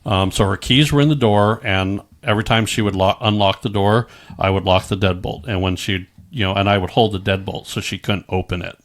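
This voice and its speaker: A man's voice: lowish voice, fairly even intonation, a little fast, few pauses. A man recounting a personal story as a podcast guest in a casual way, often restarting his sentences. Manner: recounts events with frequent restarts and quoted exchanges.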